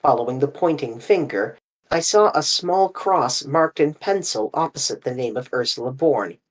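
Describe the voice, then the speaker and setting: An audiobook narrator reading a classic mystery novel in a measured, expressive way. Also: mid-range voice.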